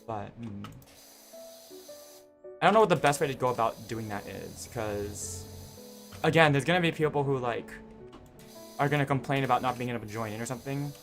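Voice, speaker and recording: A young man talks casually to his live-stream audience, hesitating and restarting his sentences often. His voice sits at an ordinary middle pitch. Faint music plays underneath. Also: moderate pace, long pauses, fairly bright tone. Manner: rambling, hesitant, many fillers and restarts.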